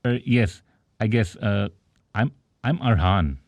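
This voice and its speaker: A man's voice: fairly low pitch, expressive, slow, no room sound. A man voicing a polite, eager young job seeker. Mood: earnest. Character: eager young male new hire. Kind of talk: audiobook character voice.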